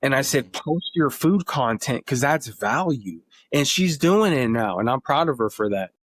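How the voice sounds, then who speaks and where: A man's voice: mid-range voice, expressive, moderate pace, dry recording, clean studio sound. A man in his thirties, a podcast guest, telling family stories in an earnest, emotional way. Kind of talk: casual interview talk.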